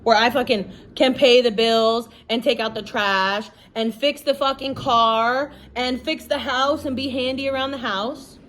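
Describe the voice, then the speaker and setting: Woman podcaster ranting casually, kinda high voice, blunt, lots of cussing and "like". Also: steady tone, measured pace, hardly any pauses, a bit bright, slight background noise. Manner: blunt, emphatic and heavy on swearing; conversational, with lots of "like" and "you know". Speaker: podcast host. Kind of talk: casual monologue.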